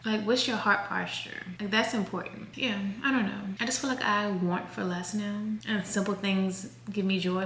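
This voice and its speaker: A woman's voice: medium pitch, creaky, fairly bright tone, slight background noise. Chatty woman vlogging in an echoey room. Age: 30s. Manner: rambling, chatty, self-correcting. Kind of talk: casual chat to camera.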